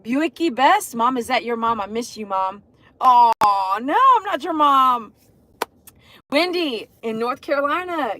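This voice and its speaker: A woman's voice: sits high, lively intonation, unhurried, a bit bright, slight background noise. A middle-aged woman, chatting on a livestream, effusively greeting viewers by name and leading sing-song chants. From Texas. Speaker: dog groomer and livestream host. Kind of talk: casual livestream chat.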